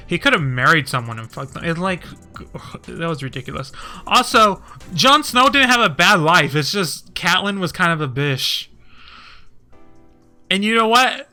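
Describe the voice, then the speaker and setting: A man streaming casually, rambling and swearing, and getting heated and animated as he talks. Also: medium pitch, moderate pace. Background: faint music.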